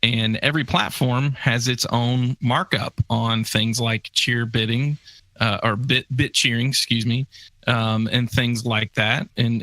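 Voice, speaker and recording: A man co-hosting a podcast, explaining business points in a measured way. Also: medium pitch, sharp tone, dry recording. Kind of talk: casual chat.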